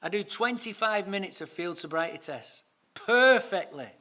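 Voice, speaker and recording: An English man speaking at a recovery meeting, telling his own story in a lively, comic way and swearing freely. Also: sits high, moderate pace. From England. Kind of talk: storytelling talk.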